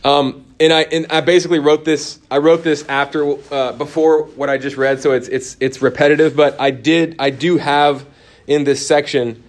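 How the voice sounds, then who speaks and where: A man's voice: on the high side, steady tone, moderate pace. Man teaching a Bible class. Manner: conversational, answers class comments, drops to quiet emphasis. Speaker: church course teacher. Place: church classroom.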